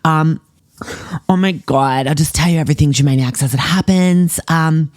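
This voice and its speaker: A man's voice: a little high, normal speed, a little mellow, no room sound, clean studio sound, close to an everyday voice. A man doing a bratty rich Australian teen girl. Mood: gossipy. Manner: valley-girl filler-heavy chatter, whiny and dramatic. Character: spoiled rich teenage girl influencer, bratty and self-obsessed. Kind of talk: comedy podcast monologue in character.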